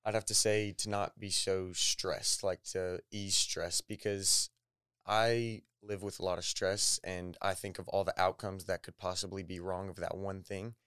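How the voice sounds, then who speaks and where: Shy young man with a deep voice. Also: little pitch movement, a little slow, fairly bright tone, clear, resonant tone, dry recording, studio quality. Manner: shy, hesitant, short answers. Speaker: podcast guest. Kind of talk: casual interview.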